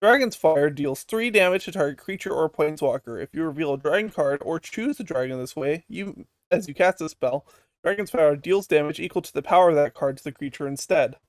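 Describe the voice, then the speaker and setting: A man's voice: fairly high pitch, expressive, brisk, no echo. A man co-hosting a casual podcast who jokes around and reads card text aloud. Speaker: podcast co-host. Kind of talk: casual card review chat.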